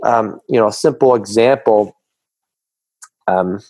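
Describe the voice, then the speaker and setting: A man's voice: on the low side, takes it slowly, darkish tone, no echo. A middle-aged man who is a guest on a podcast, talking as a fitness coach with emphatic, coaching conviction. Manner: emphatic, coaching tone, acts out quoted voices. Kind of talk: casual podcast conversation.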